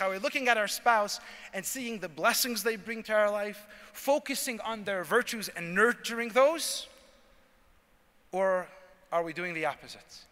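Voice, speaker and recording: A man, a rabbi, giving a talk at a convention and telling a story, acting out the lines of its characters with lively energy. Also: sits high, moderate pace. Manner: animated storyteller acting out dialogue. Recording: reverberant hall.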